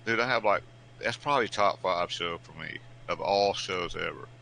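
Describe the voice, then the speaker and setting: A man's voice: deep voice, moderate pace, vocal fry, sharp tone. A middle-aged man chatting casually as a co-host, telling stories in a laid-back way and laughing often. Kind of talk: casual chat.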